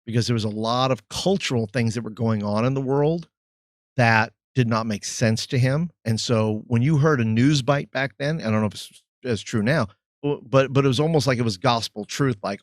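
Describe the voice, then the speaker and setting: A man who is a youth pastor, a guest on a podcast, reflecting thoughtfully and pausing to search for his words. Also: mid-range voice, dry recording, clean studio sound. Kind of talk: reflective interview talk.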